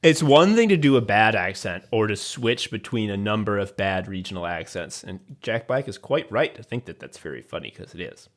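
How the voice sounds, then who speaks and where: Rambling, animated male podcast guest. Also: lowish voice, moderate pace, few pauses. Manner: animated, rambling, full of restarts and "like". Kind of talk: casual podcast chat.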